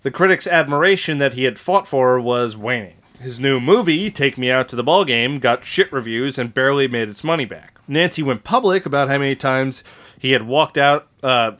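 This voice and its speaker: A man's voice: medium pitch, expressive, normal speed, a bit bright. A man hosting a podcast who tells a history story in a casual, loose way, swears freely and acts out the people he quotes.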